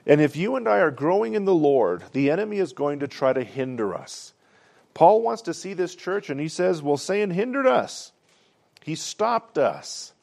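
A man's voice: on the high side, very animated, moderate pace, creaky, a little mellow. A man preaching a conversational sermon, telling stories and asking "amen?" along the way. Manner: conversational storytelling, frequent "amen?" asides. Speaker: pastor.

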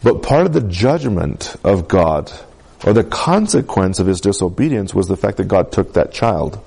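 A man's voice: low voice, expressive, moderate pace, creaky, a little mellow, husky. A male preacher giving a conversational sermon who often asks the congregation for responses.

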